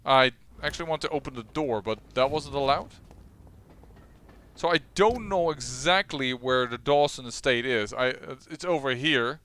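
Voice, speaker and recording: A man's voice: mid-range voice, moderate pace, fairly bright tone, no room sound. A man hosting a let's play, chatting through his gameplay with wry, self-mocking remarks. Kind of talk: gameplay commentary. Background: faint game music.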